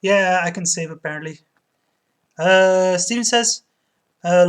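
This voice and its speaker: A woman casually commenting on a retro game as she plays it, talking slowly with frequent fillers and light laughs. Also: mid-range voice. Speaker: game streamer. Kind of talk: let's play commentary.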